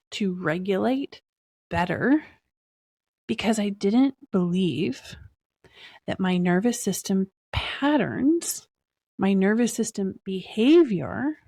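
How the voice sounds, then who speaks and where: A woman hosting her own podcast, talking alone in an earnest, smiling tone with long pauses between phrases. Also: medium pitch, no echo, studio quality. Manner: smiling, excited tone. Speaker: podcast host. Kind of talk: solo podcast talk.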